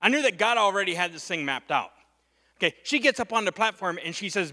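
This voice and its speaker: A middle-aged man preaching as a guest speaker, telling a personal story in an animated, conversational way and often checking in with "okay". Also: sits high, fairly quick, big-room sound. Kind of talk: storytelling sermon.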